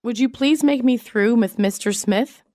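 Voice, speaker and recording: A woman reading business English sentences aloud in a measured, clearly enunciated way. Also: fairly high pitch, mellow, no room sound, clean studio sound. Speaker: English phrase reader. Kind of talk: slow read-aloud example sentences.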